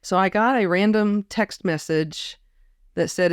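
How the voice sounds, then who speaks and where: A woman's voice: mid-range voice, unhurried, clear, resonant tone, dry recording, studio quality. A woman guest in a casual conversation, reflective and storytelling, often quoting others. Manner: reflective storyteller, quotes others with put-on voices. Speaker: podcast guest.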